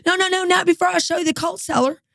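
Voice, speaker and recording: A woman's voice: extremely high pitch, steady tone, quick pace, gravelly, fairly bright tone, no echo, clean studio sound, pitched above the performer's own voice, full character voice. Woman putting on a coaxing, breezy hostess voice. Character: sweet-talking woman hostess hiding dark secrets.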